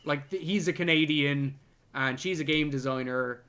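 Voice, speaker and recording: A young adult man co-hosting a movie review podcast, casually and animatedly retelling scenes and jumping into loud voices for the characters. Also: a little high, normal speed, dull audio. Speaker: podcast co-host.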